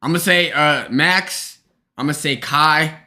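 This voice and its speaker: Bright-voiced young man streaming live. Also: on the high side, slow. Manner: animated, joking, talks straight to chat. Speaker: streamer host. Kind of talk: casual live-stream chat.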